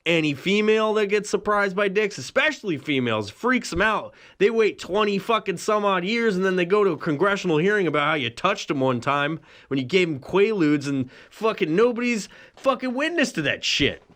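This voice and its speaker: A man's voice: sits high, lively intonation, fairly quick, hardly any pauses, a bit bright. A man hosting a solo podcast, telling a rambling, profane comic story and laughing often. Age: adult with a son. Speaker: podcast host.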